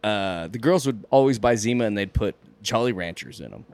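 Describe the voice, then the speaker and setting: A man's voice: fairly low pitch, fairly quick, no echo. A middle-aged man in a casual podcast chat, telling stories with frequent laughter. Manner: laughing, animated storyteller.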